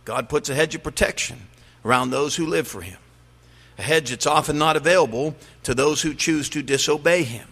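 A man's voice: a little high, normal speed, creaky, a bit bright, slightly rough. A middle-aged man preaching a sermon as pastor, emphatic, rising and dropping his voice to drive home his points. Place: church sanctuary. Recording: long reverb of a large hall.

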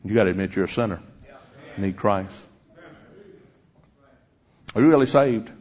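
A man's voice: on the low side, moderate pace, a little mellow. A man preaching a sermon, speaking directly and challengingly to his congregation, on a dull lo-fi recording.

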